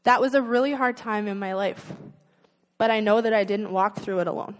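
A woman's voice: mid-range voice, a little fast, long reverb tail, low-quality recording. A woman preaching a sermon in an earnest, conversational way, asking rhetorical questions of her listeners.

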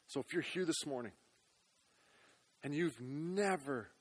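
A male pastor preaching a sermon in church, earnest, dropping to hushed tones and rising to loud appeals. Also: a little high, animated, a little slow.

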